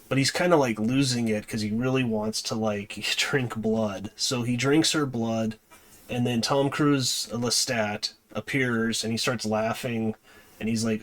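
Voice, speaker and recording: A man of middle pitch talks through a film's plot in loose, casual speech. He hesitates often, fills gaps with "um" and circles back to correct himself as he reviews the movie. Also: a bit bright. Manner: hesitant, many fillers and restarts. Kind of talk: casual spoken plot recap.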